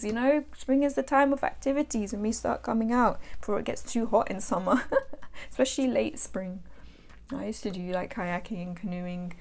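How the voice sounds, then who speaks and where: A British woman hosts a casual vlog, showing off her tarot decks in a chatty, meandering way. Her voice sits in a middle pitch with a gravelly, creaky edge, and she keeps drifting into playful, self-deprecating asides. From England. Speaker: tarot channel host.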